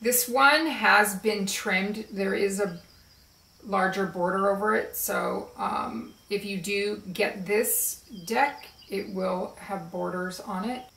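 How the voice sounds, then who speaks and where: A woman chatting casually and slowly about her favorite card decks, with relaxed fillers as she shows them. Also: mid-range voice, distant mic. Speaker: spiritual video creator. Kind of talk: casual show-and-tell chat. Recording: roomy echo, voice a bit off-mic.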